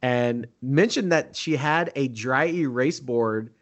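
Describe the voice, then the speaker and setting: A man chatting casually as host, telling an excitable story and acting out what people said. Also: mid-range voice, slow pace. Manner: excitable storyteller, acts out quoted talk. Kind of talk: casual chat.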